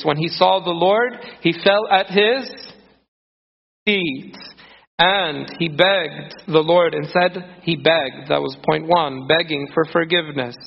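A man's voice: fairly high pitch, creaky, breathy edge. A man preaching a sermon earnestly, acting out scripture quotes with feeling. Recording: muffled sound in a reverberant hall.

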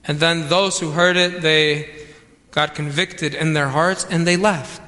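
A man's voice: fairly high pitch, steady tone, a little slow, sharp tone. A man preaching a sermon, emphatic and repeating key phrases for weight. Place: church. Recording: long reverb of a church hall.

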